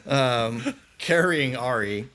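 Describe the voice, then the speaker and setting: A man's voice: mid-range voice, animated, takes it slowly, a bit bright. A man narrating a tabletop game as dungeon master, often stopping to correct himself.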